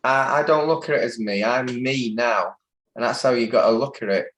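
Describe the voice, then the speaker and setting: A man's voice: mid-range voice, normal speed, fairly bright tone, low-quality recording. A man working as a spiritual healer, giving direct, reassuring advice.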